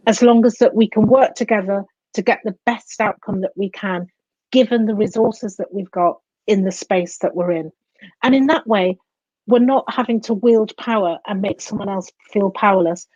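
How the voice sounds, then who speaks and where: A woman being interviewed as a coach and psychotherapist, explaining in an animated way and acting out the inner voices she describes. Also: mid-range voice, no room sound, lo-fi sound.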